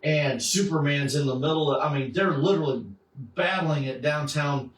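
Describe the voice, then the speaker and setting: Man, casual podcast co-host, lively retelling, slightly high voice, roomy and off-mic. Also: moderate pace. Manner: animated, acts out characters while retelling. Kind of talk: casual chat about comics. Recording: echoey room, mic at a distance.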